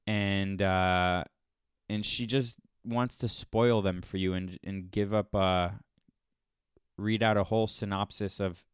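A man's voice: low-pitched, fairly even intonation, takes it slowly, clean tone, no room sound, clean studio sound. A man hosting a podcast, reacting to a clip with incredulous, sarcastic ranting. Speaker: podcast host. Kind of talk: casual reaction commentary.

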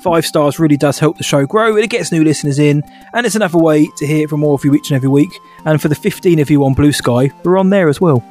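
Chatty podcast co-host. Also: male voice, on the high side, quick pace, few pauses, a little mellow, soft background music. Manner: chatty, laughs often, says mate a lot. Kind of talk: casual podcast banter.

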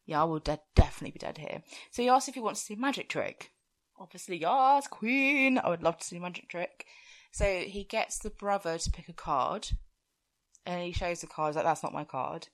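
A woman's voice: lowish voice, fast talker. A woman co-hosting a podcast, recapping a film in casual, giggly chat and swearing freely. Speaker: podcast co-host.

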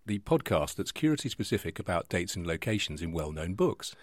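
A man's voice: sits low, big pitch swings, fairly quick, dry recording, studio quality. A man co-hosting a book podcast, teasing his partner in casual chat. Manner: teasing, jokey. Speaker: podcast co-host.

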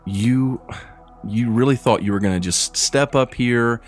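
A scheming sorceress sneers and mocks her captives, voiced by a man. Her tone is condescending and cruel. Soft music plays underneath. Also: mid-range voice, unhurried, close to an everyday voice. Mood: mocking. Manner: mocking, condescending.

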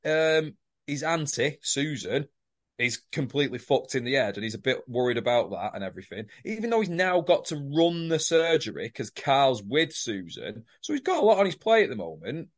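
A man's voice: medium pitch, sing-song, moderate pace. A man, co-hosting a casual podcast and giving his opinions on a soap, with plenty of swearing. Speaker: podcast co-host. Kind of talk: casual recap chat.

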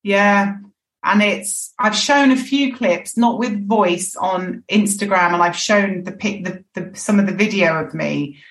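A woman's voice: mid-range voice, unhurried, a bit bright. A woman speaking as a podcast guest, frank and reflective, often restarting her phrases. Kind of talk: candid podcast conversation. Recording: echoey, distant mic.

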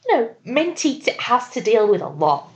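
A woman's voice: fairly high pitch, very animated, moderate pace, highs cut off. A woman co-hosting a podcast, chatting playfully and teasing. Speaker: podcast co-host. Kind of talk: casual chat.

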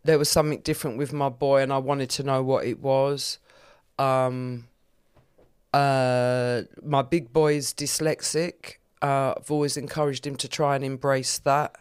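A woman's voice: very deep voice, flat delivery, measured pace, smooth. A woman comedian talking candidly as a guest in a podcast interview, with a frank, earthy sense of humour.

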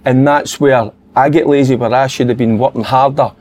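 A man's voice: mid-range voice, steady tone, a little fast, a little mellow. A man with a Scottish accent, a former footballer, chatting candidly and reflectively as a podcast pundit. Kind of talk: casual football chat.

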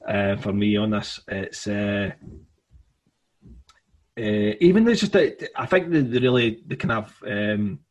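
A man's voice: on the low side, lively intonation, a little slow. A man hosting a casual music podcast, rambling with many fillers and restarts.

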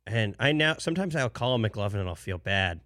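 Low-voiced young man chatting. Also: lively intonation, a little fast, fairly bright tone, no echo, clean studio sound. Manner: laid-back, laughs often while telling stories. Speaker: show regular. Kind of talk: casual chat.

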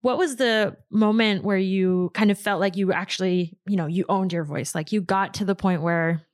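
A woman's voice: medium pitch, fairly even intonation, normal speed, dry recording, clean studio sound. A woman hosting an interview podcast, asking thoughtful questions and affirming her guest with casual fillers. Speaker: podcast host.

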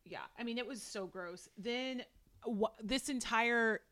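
A woman co-hosting a podcast in casual chat, agreeable and quick to laugh. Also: fairly high pitch, fairly bright tone, no room sound. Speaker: podcast co-host.

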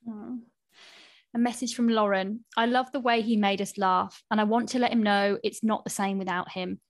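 Gentle woman podcast host, dry recording. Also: medium pitch, fairly even intonation, moderate pace, dry recording. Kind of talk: reading listener messages aloud.

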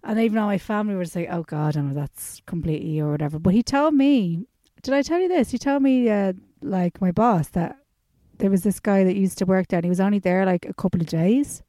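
An Irish woman chats on a podcast, telling a lively story and putting on the voices of the people in it. Her tone is mellow and warm. The sound is close and dry, with no room around her. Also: mid-range voice, quick pace, few pauses, dry recording. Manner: animated storyteller, acts out quoted voices. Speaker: podcast co-host. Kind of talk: casual chat.

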